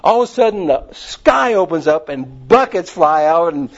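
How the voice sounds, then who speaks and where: Male preacher, folksy rambling storyteller, slightly high voice, muffled lo-fi recording. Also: animated, normal speed. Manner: folksy and rambling, with many fillers. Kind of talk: casual sermon storytelling.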